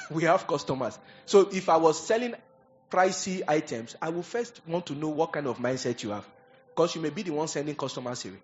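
A man preaching a sermon, animated and conversational, acting out little scenes as he goes. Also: on the high side, brisk, muffled recording. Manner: animated preaching with acted asides. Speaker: pastor.

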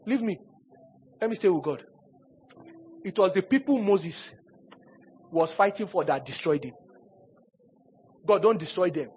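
Pastor, male, high husky voice, repeats lines for emphasis, muffled lo-fi recording. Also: lively intonation, unhurried, long pauses. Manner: emphatic preaching with repetition and sudden loud bursts. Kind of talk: sermon. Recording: dull lo-fi sermon recording.

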